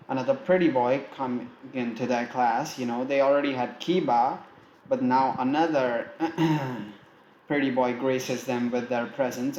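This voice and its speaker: Slow, rambling man narrating a fan story. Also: medium pitch, a little mellow, highs cut off. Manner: rambling, self-interrupting, tired. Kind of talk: casual improvised story reading. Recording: echoey room with faint ambient noise.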